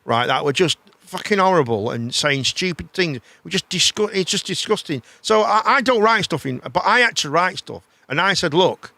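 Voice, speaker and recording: A man hosting a live chat show, rambling in a casual, animated way and swearing freely. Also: high-pitched, normal speed, gravelly, few pauses, no room sound.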